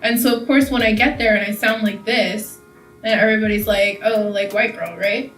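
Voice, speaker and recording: A woman's voice: medium pitch, steady tone, moderate pace, fairly bright tone, soft background music. A young woman from California, chatting casually and rambling while doing her makeup, full of "like" and "you know.". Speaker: beauty vlogger. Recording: echoey room, camera mic from a distance.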